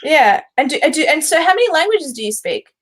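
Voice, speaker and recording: A woman hosting an interview, chatty and quick to laugh. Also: high-pitched, sing-song. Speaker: host. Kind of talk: casual interview chat.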